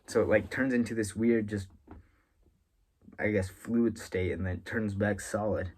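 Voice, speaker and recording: A man's voice: fairly low pitch, fairly even intonation, measured pace, husky. A man reading a manga chapter aloud as a reviewer, rambling and correcting himself as he reacts. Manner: rambling, musing aloud with frequent filler and self-correction.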